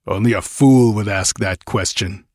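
A man voicing a wounded barbarian warrior who rasps defiantly and pants through pain, in a storybook reading. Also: medium pitch, measured pace, no room sound, clean studio sound, pitched above the performer's own voice, lightly acted. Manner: rasping, defiant. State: panting, in pain.

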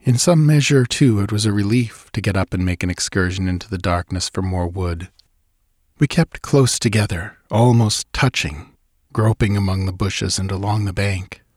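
A man reads a ghost story in a measured, dramatic way. His voice sits low with a husky edge. The sound is dry and close. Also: a little mellow, no room sound. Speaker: audiobook narrator. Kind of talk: scripted narration of a ghost story.

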